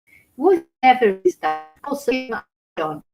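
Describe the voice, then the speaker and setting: A woman's voice: sits high, sing-song, measured pace, a little mellow, soft background music, rough recording. Rambling woman hosting a livestream. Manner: rambling, emotional, restarts often. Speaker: true crime livestream host. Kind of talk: casual livestream chat. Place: home in Spain.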